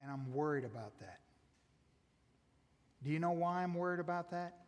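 High-voiced man preaching in a hall. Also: normal speed. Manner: asks the listeners many rhetorical questions; swings between raised emphasis and soft, low asides. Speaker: pastor. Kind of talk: sermon. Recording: long reverb of a large hall.

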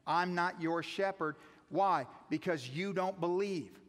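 A man, a pastor, preaching a sermon, putting many questions to his listeners and moving between raised emphasis and soft asides. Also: sits high, measured pace. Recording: long reverb of a large hall.

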